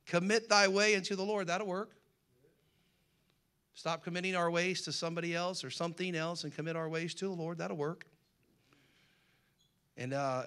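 A man's voice: high-pitched, fairly even intonation, normal speed, pauses often, pushed and bright, clear, resonant tone. A man preaching a sermon, reading scripture aloud with rising emphasis and slipping in folksy jokes to the congregation. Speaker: pastor.

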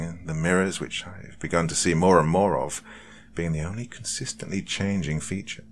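A man hosting a horror podcast, narrating a story in a measured, dark storytelling manner. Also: sits low, a little hiss or hum.

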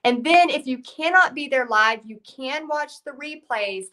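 A woman's voice: high voice, expressive, measured pace, pushed and bright. A woman, hosting a live painting stream in a chatty way, reading viewer comments and losing her voice. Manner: chatty, reads out viewer comments, many fillers. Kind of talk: casual live-stream chat.

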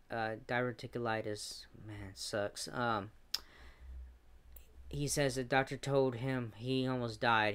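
Man recapping wrestling, flat smooth voice. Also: medium pitch. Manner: play-by-play recap with fillers and quick asides. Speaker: wrestling show reviewer.

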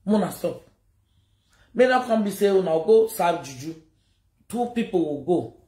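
A woman's voice: mid-range voice, expressive, moderate pace, warm tone, echoey room. A Nigerian woman giving an emotional live video message, scolding and repeating her warnings. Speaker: social media personality.

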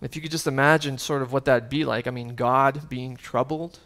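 A man's voice: mid-range voice, fairly even intonation, moderate pace, a bit bright. A man preaching a sermon as pastor, earnest and conversational, with casual asides and fillers.

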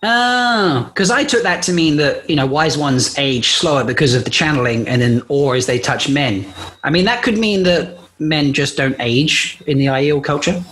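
Guy on a podcast going on and on, swears a lot, kinda high voice. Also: moderate pace, fairly bright tone. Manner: rambling, profane, filler-heavy retelling. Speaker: podcast co-host recapping chapters. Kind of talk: casual chat.

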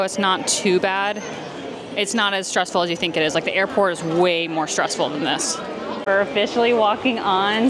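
Chatty hyper woman vlogging on the go. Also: mid-range voice. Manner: chatty, hyper, giving tips. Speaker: travel vlogger. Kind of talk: casual vlog narration. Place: outdoors and on a busy cruise ship. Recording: noisy background ambience.

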